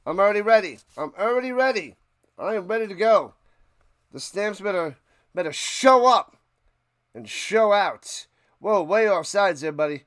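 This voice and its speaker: Chatty high-voiced man calling plays. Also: moderate pace, dry recording. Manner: chatty, jokey, calls plays in bursts of excitement. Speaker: livestream play-by-play host. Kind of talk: casual play-by-play watch party commentary.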